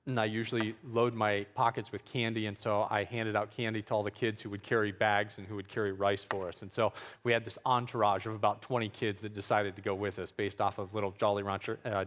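Low-voiced man telling a missionary story. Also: fairly bright tone, in a large hall. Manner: conversational, with fillers and chuckles. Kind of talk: storytelling talk.

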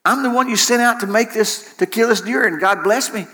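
A man's voice: brisk, big-room sound. A man preaching while voicing a grown son who begs his father for a blessing, crying out in a raised, pleading voice. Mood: earnest. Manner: pleading, crying out high and loud.

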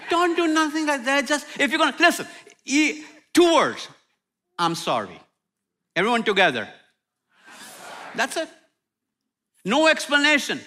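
A middle-aged man preaching a sermon with humor, swinging from loud outbursts to near-whispers. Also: extremely high pitch, normal speed. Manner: animated, humorous preaching with sudden loud and soft turns. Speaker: pastor.

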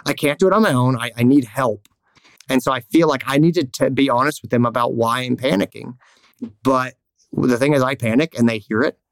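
A man's voice: medium pitch, brisk, no echo. A male veterinarian hosting a podcast, talking candidly in a rambling, storytelling way. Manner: candid, rambling, lively storytelling with acted quotes. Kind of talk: casual podcast chat.

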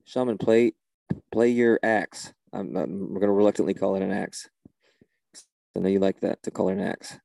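A man's voice: low voice, steady tone, fairly quick, creaky, warm tone, no room sound. A man leading a church service in a comedy sketch, talking in an exasperated, flustered way and often repeating himself.

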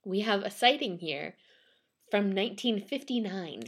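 A woman co-hosting a casual podcast, reading a folk tale aloud and chatting in a giggly, animated way with many "um"s and "like"s. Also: mid-range voice, a little slow. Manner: giggly, animated reader with fillers like "um" and "like". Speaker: podcast co-host.

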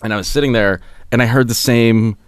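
A man's voice: mid-range voice, steady tone, fairly quick, clear, resonant tone, no room sound, studio quality. A man casually telling a funny story on a podcast, stammering and restarting as he goes. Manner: rambling, stammering restarts, laughs through it.

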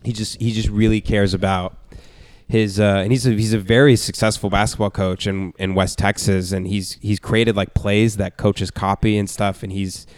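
A man's voice: on the low side, little pitch movement, normal speed, a little mellow, no room sound. A young man telling a personal story in a candid, rambling way, full of fillers. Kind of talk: casual chat.

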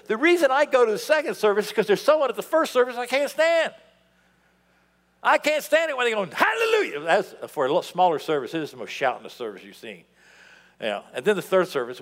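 A man preaching a sermon in a church, animated, swinging between loud outbursts and hushed asides. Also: a little high. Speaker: pastor. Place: church sanctuary. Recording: long hall reverb.

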